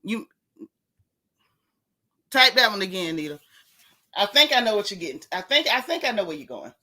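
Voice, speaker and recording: A woman's voice: medium pitch, very animated, fast, bright, forceful tone. A woman from Florida with a Florida accent, hosting a live-stream and reading out chat comments in a sassy, blunt way, repeating her punchlines.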